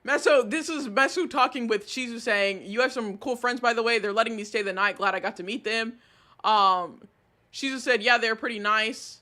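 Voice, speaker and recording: A man streaming live and reading chat aloud, animated and exasperated, swearing often. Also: extremely high pitch, moderate pace.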